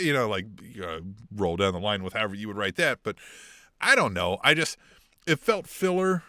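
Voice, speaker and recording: A man co-hosting a casual wrestling podcast, talking in an animated, profane way and mimicking wrestlers with bursts of laughter. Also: lowish voice, a little fast, no room sound, clean studio sound. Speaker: podcast co-host.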